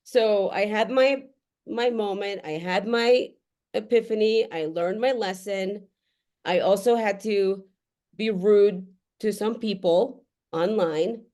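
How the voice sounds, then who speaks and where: A woman's voice: mid-range voice, slow, mellow. A middle-aged woman talking candidly to the camera as a mother addressing other parents, blunt and profane, often laughing between phrases. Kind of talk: candid unscripted talk to camera. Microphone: camera facing her.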